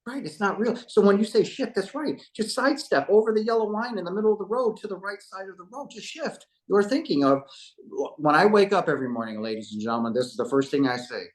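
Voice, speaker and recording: A man's voice: high-pitched, lively intonation, fast. A man in his fifties, a podcast guest, giving an emotional spiritual testimony and addressing listeners like a preacher. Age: 50s.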